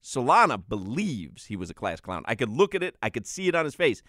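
A man's voice: mid-range voice, very animated, a little fast, bright, forceful tone, dry recording, clean studio sound. A man co-hosting a sports talk show, ribbing his colleagues in casual banter with a teasing, mock-serious manner. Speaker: sports radio co-host.

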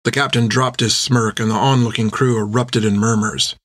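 A man reading a story aloud in steady, even narration on a close microphone. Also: medium pitch, normal speed, no room sound. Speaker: audiobook narrator.

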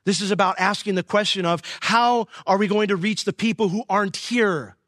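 A middle-aged pastor preaching a sermon in an earnest way, building to impassioned peaks. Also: male voice, sits high, brisk, a bit bright, dry recording, studio quality.

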